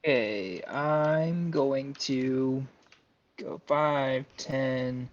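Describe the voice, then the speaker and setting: A man playing a tabletop game, calmly declaring his rolls and damage with frequent "uh"s. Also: mid-range voice, a little hiss or hum. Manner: unhurried, with many "uh"s while declaring rolls. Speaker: player. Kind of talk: casual tabletop game play. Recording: dull lo-fi mic.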